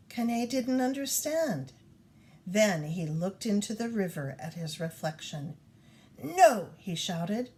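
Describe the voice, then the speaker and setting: A woman reading a children's storybook aloud in an expressive storytelling manner. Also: mid-range voice. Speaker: reader.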